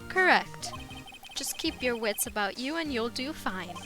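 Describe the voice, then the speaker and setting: Stern judge guy, formal and measured, a woman putting on the voice, game music under it. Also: on the high side, lively intonation. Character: stern older male courtroom judge.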